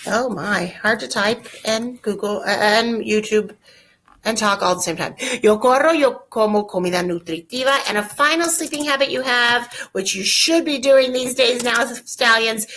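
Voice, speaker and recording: Lady teaching spanish online, chatty and folksy, slows way down on drill phrases, bit of faint noise and clicks. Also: a little high, fairly bright tone. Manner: upbeat, folksy teacher talk, slow drilled example phrases. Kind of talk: recorded online lesson.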